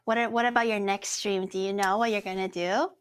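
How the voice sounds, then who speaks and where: A woman's voice: mid-range voice, fairly even intonation, a little fast, clear, resonant tone. A female streamer chatting in a bubbly, teasing way, often breaking into giggles. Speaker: vtuber streamer. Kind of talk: casual chat on a collab stream.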